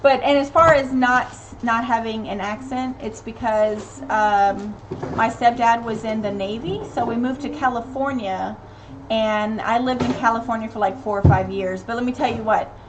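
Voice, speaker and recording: Chatty higher-voiced mom on a live stream. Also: female voice, steady tone, moderate pace, noisy background. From Tennessee, USA. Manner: chatty and rambling, many ums, reads viewer comments aloud. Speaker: live-stream host and mother. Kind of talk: casual live-stream chat.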